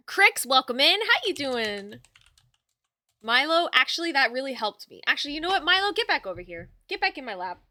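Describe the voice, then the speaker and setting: A woman streamer talks casually with her chat from home, chatty and affectionate as she fusses over her dog. Her voice is bright and clear, pitched a little high. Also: very animated, brisk. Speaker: livestreamer.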